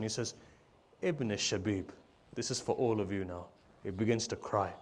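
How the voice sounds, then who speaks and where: Emotional low-voiced man preaching. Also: moderate pace. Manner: emotional storytelling, swelling loud then dropping low. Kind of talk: majlis sermon.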